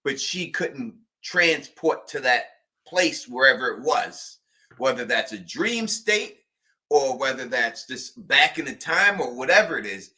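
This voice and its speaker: A man co-hosting a casual TV recap podcast, acting out characters in loud, animated bursts. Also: mid-range voice, a little slow. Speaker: podcast co-host.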